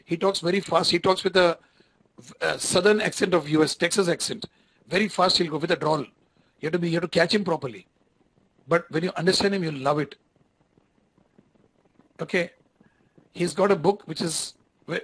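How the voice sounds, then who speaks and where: A man's voice: sits high, brisk, pauses often, a bit bright, husky, low-quality recording. A man with an Indian English accent giving an online lecture, talking conversationally, repeating phrases and checking whether students follow.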